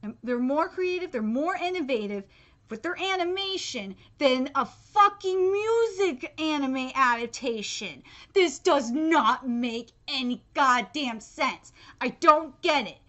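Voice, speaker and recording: A woman with a high, bright voice that jumps all over the place, ranting live about an anime. She sounds exasperated and swears freely, restarting her sentences and filling gaps with ums and uhs. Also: animated, takes it slowly, dull audio. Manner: exasperated, profane, emphatic, frequent fillers and restarts. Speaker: anime reaction streamer. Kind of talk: live reaction rant.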